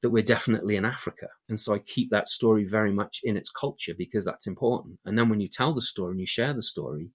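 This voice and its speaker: An English man with a mid-Atlantic accent, a storyteller guest talking in an animated, chatty way, often adding tag questions. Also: lowish voice, fast, few pauses, husky. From England. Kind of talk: casual interview talk.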